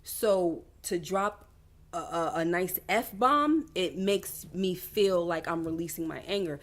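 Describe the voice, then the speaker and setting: A woman's voice: fairly low pitch, takes it slowly. A woman hosting a faith-based wellness livestream, talking candidly and confessionally to her viewers in loose, rambling sentences. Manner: rambling with frequent restarts and asides. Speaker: doctoral student. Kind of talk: casual livestream chat.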